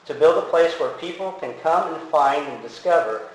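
A man's voice: fairly high pitch, lively intonation, normal speed. A man giving a casual, conversational sermon, with many fillers and restarts as he talks to the congregation. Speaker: preacher. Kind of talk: casual sermon with audience quiz. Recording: very echoey hall with faint ambient noise.

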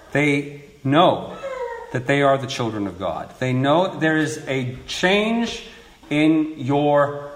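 A man preaching a sermon, explaining scripture earnestly and building to emphatic points. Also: mid-range voice. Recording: echoey room with faint noise.

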